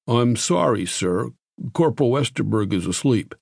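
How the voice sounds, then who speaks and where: A man's voice: medium pitch, expressive, moderate pace, vocal fry, darkish tone, husky, no echo, clean studio sound. A male narrator voicing a polite, stolid young soldier who apologetically refuses. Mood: apologetic.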